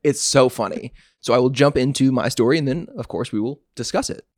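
A man's voice: mid-range voice, fairly quick, dry recording. A man hosting a podcast, reading his own short story aloud with dry, sardonic narration. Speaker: podcast host.

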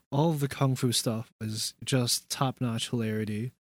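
A man's voice: mid-range voice, steady tone, unhurried, dry recording, clean studio sound. A young man co-hosting a podcast in casual chat, chatty and laughing often, acting out quotes. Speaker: podcast co-host.

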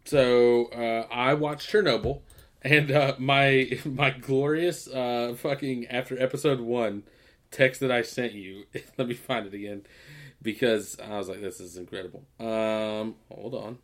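A man's voice: mid-range voice, fairly even intonation, unhurried. A young man co-hosting a podcast, rambling casually, often laughing and swearing. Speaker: podcast co-host. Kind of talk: casual chat.

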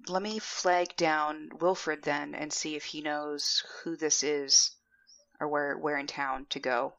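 A woman's voice: sits low, little pitch movement, slow, a bit bright. A woman player in a tabletop game, speaking casually with a hesitant, joking manner. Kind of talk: casual chat. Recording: dull lo-fi mic.

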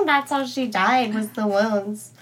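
A young woman co-hosting a podcast, giggly and slangy, quick with jokes. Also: on the high side, very animated, shouting, noisy background. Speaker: podcast co-host. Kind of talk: casual chat.

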